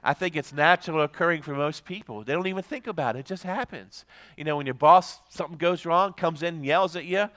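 A male pastor preaching a sermon, swinging from loud rises to soft drops and reading scripture slowly and emphatically. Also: a little high.

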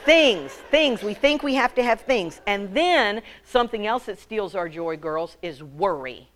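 A woman's voice: medium pitch, animated, unhurried, a bit bright. A woman giving a humorous sermon to a women's group, joking and calling on the audience for answers. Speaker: women's ministry speaker.

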